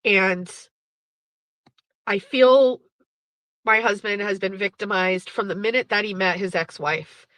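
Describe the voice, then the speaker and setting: A woman's voice: mid-range voice, slow pace, long pauses, fairly bright tone, dry recording, rough recording. A woman host in her thirties, candidly telling a personal story with blunt, profane, emotional language. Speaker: podcast host.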